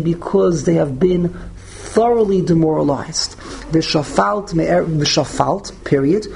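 Gravelly-voiced man teaching a text class. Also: on the high side, dark tone. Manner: explains verse by verse, repeats and restarts words. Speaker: Torah teacher.

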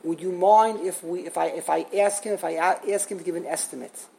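A woman's voice: on the low side, steady tone, brisk, vocal fry, mellow, a little hiss or hum. A woman voicing a humble male yeshiva teacher who speaks sincerely and apologetically, told within a spoken lesson. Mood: polite. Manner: apologetic and earnest.

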